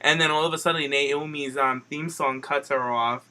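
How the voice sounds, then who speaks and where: A man co-hosting a podcast in casual chat, animated and profane, acting out what others said. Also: a little high, normal speed. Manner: animated, profane, acts out quotes. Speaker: podcast co-host.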